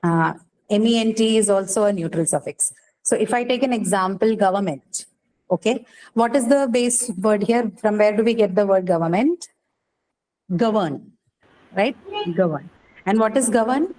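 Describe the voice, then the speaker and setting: A woman's voice: mid-range voice, moderate pace, a little mellow, low-quality recording. Woman teaching a class, checking in often. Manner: questions students, checks with "right?". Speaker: English teacher. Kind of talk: classroom lecture.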